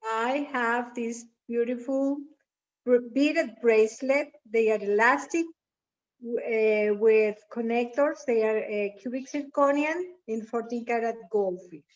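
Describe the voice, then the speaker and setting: A woman's voice: on the high side, lo-fi sound. A woman with a non-native English accent presenting her jewelry in careful, hesitant English. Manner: careful and hesitant, halting phrasing. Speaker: guest jewelry artist. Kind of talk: product presentation.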